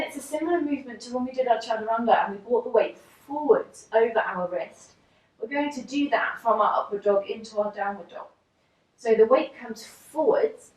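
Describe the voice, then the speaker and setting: A woman teaching yoga, calmly talking through each pose step by step while demonstrating. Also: a little high. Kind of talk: instructional walkthrough. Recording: very echoey room, distant mic.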